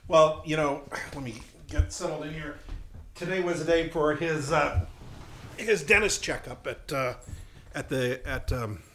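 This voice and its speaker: A man chatting on a podcast in a halting, hesitant way with a dry delivery. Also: fairly high pitch, fairly bright tone, a little hiss or hum. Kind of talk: casual chat.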